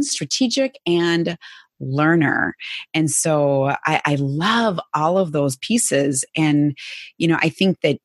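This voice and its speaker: A woman's voice: low-pitched, breathy edge, no echo, clean studio sound. An American woman hosting a podcast interview, enthusiastic and affirming toward her guest. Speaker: podcast host. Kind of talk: interview conversation.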